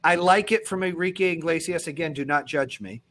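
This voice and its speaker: A man hosting a podcast, talking bluntly and with profanity, swinging between loud pushes and low, quiet stretches. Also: brisk. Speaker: podcast host. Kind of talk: intense motivational podcast talk.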